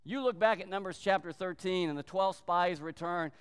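A male pastor preaching a sermon in an emphatic manner, slowing down to stress points and briefly acting out quoted voices. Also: high voice, smooth, big-room sound.

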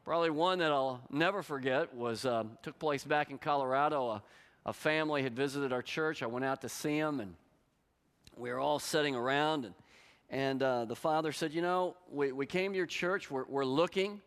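Speaking smoothly at a medium pitch and moderate pace, a middle-aged pastor delivers a sermon full of stories. He's animated, voicing the quotes of each character, and the hall gives his voice a long reverb.

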